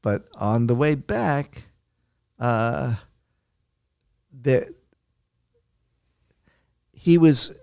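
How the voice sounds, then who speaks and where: Man, gravelly voice, rambling storyteller, restarts a lot, dry close sound. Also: mid-range voice, drawn-out words, pauses often, no echo. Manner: rambling, many restarts, acts out quotes loudly. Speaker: interview guest recounting a story. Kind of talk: casual anecdote telling.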